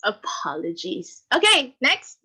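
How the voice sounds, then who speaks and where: A Filipino woman teaching an online class, cheerful and animated, laughing often and mixing in Tagalog. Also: medium pitch, takes it slowly, husky. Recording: dull lo-fi call audio.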